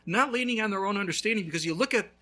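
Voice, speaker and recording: A male pastor preaching a sermon, telling a story with lively swings between loud and hushed. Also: sits high, racing.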